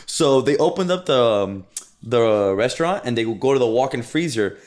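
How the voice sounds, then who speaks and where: A man's voice: medium pitch, animated, moderate pace, a little mellow. A man co-hosting a casual podcast, joking and laughing often as he tells stories. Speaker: podcast co-host. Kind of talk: casual chat.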